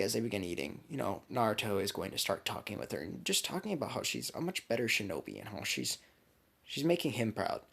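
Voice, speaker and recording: A young man casually narrating a fan-made story for his channel. His voice is low with a gravelly creak, and it swings widely in pitch. He rambles along with fillers and the odd swear. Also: a bit bright. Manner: rambling, with many fillers and profanity. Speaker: YouTube storyteller.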